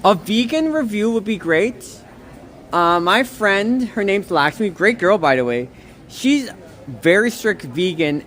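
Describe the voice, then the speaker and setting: A woman livestreaming as she walks outdoors, reading chat aloud in an excitable, gushing, rambling way. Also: mid-range voice. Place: outdoors on a snowy town walk.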